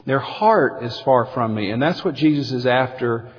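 A man preaching a sermon as pastor, animated, acting out quotes with big swings in pitch. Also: moderate pace. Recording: dull lo-fi sound with long hall reverb.

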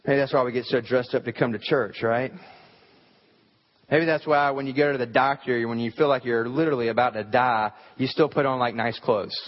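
In a dull, lo-fi recording with hall reverb, a pastor preaches conversationally in a church sanctuary, posing rhetorical questions to those gathered. He speaks fairly quickly in a mid-range voice with fairly even intonation.

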